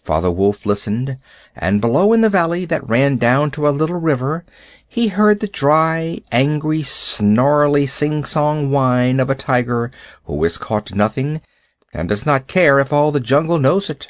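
Man reading a storybook aloud, expressive, lots of lilt, dead dry room. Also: mid-range voice, unhurried, no echo. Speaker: narrator.

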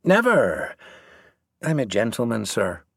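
A man's voice: mid-range voice, wildly swooping pitch, vocal fry, fairly bright tone, slightly rough, no echo, studio quality, full character voice. A man voicing a scrappy, cheeky ten-year-old traveller boy in an audiobook reading. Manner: cheeky, fast garbled talk.

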